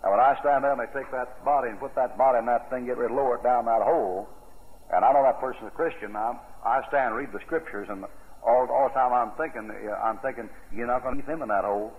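A man's voice: medium pitch, fast. Preacher man, folksy and emphatic, tinny old radio sound, echoey hall. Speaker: pastor. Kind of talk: sermon.

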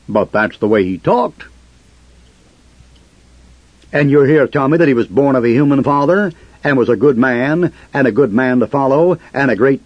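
A man's voice: medium pitch, husky, dry recording. A man preaching a fiery sermon in a combative way, firing rhetorical questions at his listeners. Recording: muffled lo-fi recording.

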